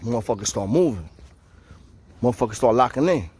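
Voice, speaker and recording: A man recounting jail time talks to camera in a brisk, medium-pitched voice with a breathy edge. He uses profane, casual street slang and animatedly performs the voices of the people involved.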